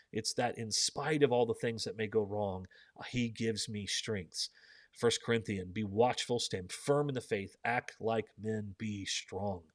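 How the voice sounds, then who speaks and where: A man's voice: medium pitch, no echo. A man leading a live book discussion, reading scripture aloud and putting questions to his listeners in an earnest way.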